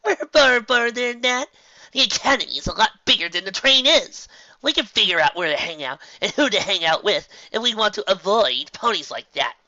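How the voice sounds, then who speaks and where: A man's voice: high voice, lively intonation, fast, few pauses, pushed and bright, dull audio, pitched above the performer's own voice. A man voicing an upbeat young filly pony in an audiobook reading, reassuring her friend.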